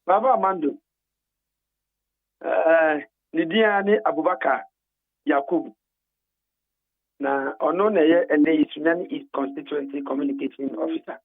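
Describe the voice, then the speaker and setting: A man phones in to a radio talk show, his high voice coming through a thin, tinny phone line. He talks emphatically and drives his points home by repeating words over and over. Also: normal speed, pauses often. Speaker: phone-in guest. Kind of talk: animated phone-in account.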